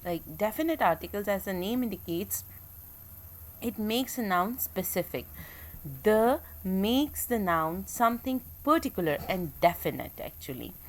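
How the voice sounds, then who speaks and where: A woman teacher giving a recorded English grammar lecture, explaining step by step with frequent pauses and fillers. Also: medium pitch, expressive, a little hiss or hum. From Pakistan.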